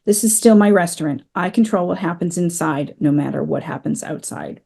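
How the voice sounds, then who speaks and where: An author reading as a determined restaurant owner. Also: female voice, on the low side, fairly quick, gravelly, dark tone, breathy edge. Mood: resolute. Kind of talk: reading aloud from a novel.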